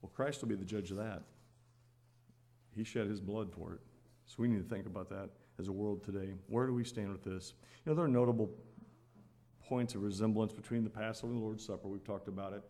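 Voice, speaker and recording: A man's voice: lowish voice, fairly even intonation, brisk, mellow. A man preaching a sermon at the Lord's table, earnest and repeating phrases for emphasis, rising to exhort his listeners.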